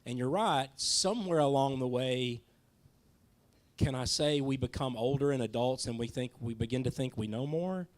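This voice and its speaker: A man leading a Bible class discussion in a church classroom. His voice is mid-pitched, and he talks casually and kindly, often restarting his words. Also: normal speed. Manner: casual, stumbling restarts, friendly.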